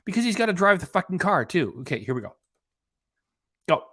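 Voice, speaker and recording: A man's voice: sits high, sing-song, a little fast, pushed and bright, dry recording, studio quality. A man hosting a reaction channel, giving sarcastic, rambling casual commentary.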